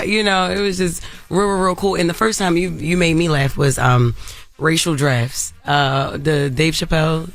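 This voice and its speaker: Male radio host, slightly high voice, excited fan chat, faint music behind. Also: moderate pace, no room sound. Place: radio studio.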